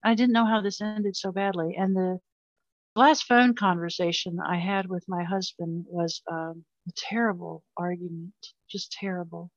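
A woman's voice: lowish voice, fairly even intonation, normal speed, dry recording, muffled recording. An older woman telling a painful personal story in an interview, earnest and emotional, often repeating herself. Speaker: guest.

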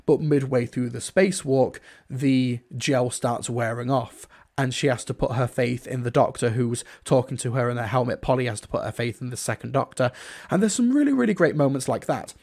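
Male reviewer, mid-range voice, relaxed chatty delivery peppered with fillers. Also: medium pitch, normal speed, vocal fry. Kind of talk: casual spoken review.

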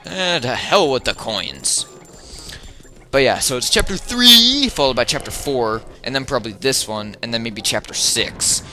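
A man at home talking his way through a video game in a chatty, rambling way, cracking jokes and now and then yelping loudly. His pitch bounces all over the place, sitting at a middling height, and game music plays behind him. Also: measured pace. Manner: chatty, rambling and jokey, with loud excited yelps. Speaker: let's player. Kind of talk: casual gameplay commentary.

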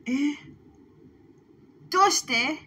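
A young woman vlogger reacting to a horror VR video, jittery and slangy, with nervous laughs, swinging from hushed talk to yelling. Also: high voice, lively intonation, extremely slow.

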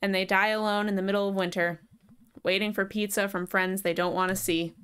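A woman's voice: mid-range voice, level tone, brisk, a bit bright, clear, resonant tone, natural voice. A woman reading the lines of a sardonic, self-deprecating young woman in a video game, dry and sarcastic.

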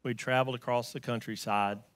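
A man with a Southern US accent preaching a sermon, telling a story and swinging from loud emphatic lines to quiet hushed ones. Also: mid-range voice, steady tone, fairly quick, dry recording. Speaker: pastor.

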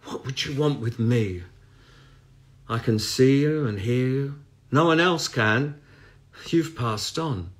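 A man voicing a calm blind female medium who speaks softly and matter-of-factly. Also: mid-range voice, slow pace, long pauses, close to an everyday voice. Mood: gently grave. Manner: soft and matter-of-fact.

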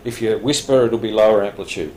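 A man's voice: lowish voice, quick pace, a little mellow. Man, radio licence instructor, classroom lecture, echoey room, faint hiss. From Australia. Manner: plain explaining with frequent restarts and small laughs. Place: training room.

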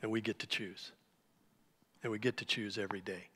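A man preaching a sermon to a church congregation, telling a story with lively, animated delivery. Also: fairly low pitch, a little fast, breathy edge. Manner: animated storytelling, acts out shouted cries. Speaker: pastor. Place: church sanctuary. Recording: live church hall reverb.

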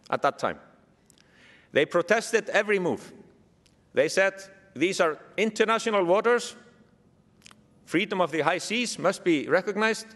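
A man with an Icelandic accent and a slightly high voice gives a keynote speech to an audience in a large museum hall. He tells lively stories with dry humor, and the hall's reverb makes the recording echoey.

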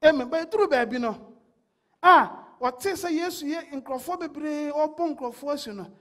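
A woman's voice: sits high, moderate pace, a bit bright. A woman preaching a sermon, with rising bursts and call-and-response.

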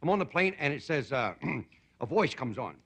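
A man's voice: medium pitch, big pitch swings, moderate pace, creaky, crowd noise. A man in his fifties from Indiana, hosting a comedy show with a stand-up monologue and chuckling at his own jokes. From Indiana, USA. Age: 50s. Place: TV studio stage before a live audience. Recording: 1960s TV broadcast with hiss and studio audience laughter.

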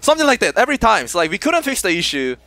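A young man from South Korea with a Korean accent, chatting casually with viewers while streaming a game, excitable and often laughing. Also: high voice, rapid-fire, dry recording. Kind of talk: casual gameplay stream chat.

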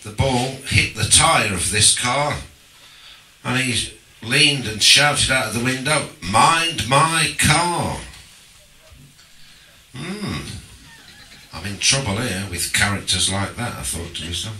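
A man doing a stand-up comedy set on a social club stage, deadpan, slow and deliberate with pauses. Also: lowish voice. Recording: roomy live club recording from a distance.

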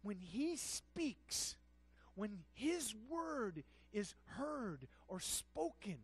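A pastor delivering a sermon at a middle pitch. The voice drops to a near hush and then climbs to full-throated, impassioned shouting. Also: very animated, very slow, slightly rough, low-quality recording. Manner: swings from hushed to shouted, impassioned.

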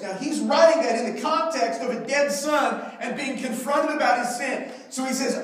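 Male pastor, lively conversational sermon; very high-pitched, mic far away in an echoing sanctuary. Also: normal speed. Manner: animated, conversational storytelling with humor. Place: church sanctuary. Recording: very echoey hall, mic far off.

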